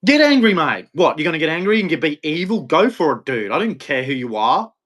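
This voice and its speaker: A man's voice: on the high side, lively intonation, fast, a bit bright. A middle-aged Australian man hosting a live stream, taunting viewers in a combative rant full of "dude". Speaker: livestream host.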